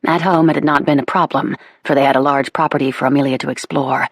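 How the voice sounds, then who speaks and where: A woman narrating a historical romance audiobook with measured, even storytelling into a close studio mic. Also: extremely low pitch, husky, no echo. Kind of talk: scripted narration of a romance novel.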